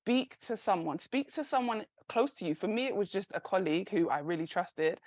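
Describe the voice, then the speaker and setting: A woman's voice: mid-range voice, expressive, brisk, a little mellow, dry recording, muffled recording. A woman in her forties, a career and confidence coach, giving candid, encouraging advice as a guest in a podcast interview. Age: 40s. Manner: candid, encouraging, laughs easily.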